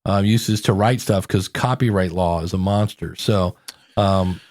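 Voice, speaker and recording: A man's voice: low voice, measured pace, darkish tone, no room sound, clean studio sound. A middle-aged man hosting a podcast, chatting casually and acting out quotes with playful voices. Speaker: podcast host.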